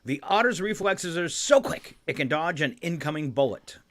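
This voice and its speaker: A man hosting a morning radio show, running a trivia quiz in casual banter. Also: a little high. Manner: lively quizmaster, reads trivia and headlines briskly.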